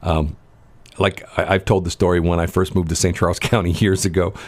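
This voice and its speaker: Deep-voiced rambling radio host. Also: male voice, flat delivery, brisk, a little mellow. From St. Louis area, Missouri. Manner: rambling storyteller, laughs often. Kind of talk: casual morning radio chat.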